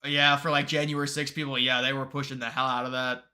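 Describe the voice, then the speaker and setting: A man with a very bright, sharp-edged voice hosts a live stream. He talks loosely with his viewers, greets them and answers their comments, and often trips over and restarts his sentences. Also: mid-range voice, little pitch movement, quick pace. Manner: rambling, restarts sentences, reads chat aloud.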